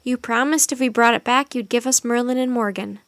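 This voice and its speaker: An eager young girl with a high, lifted voice, earnest and pleading, as a woman reads her. The storybook recording is dry and close. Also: steady tone, brisk, fairly bright tone, no echo.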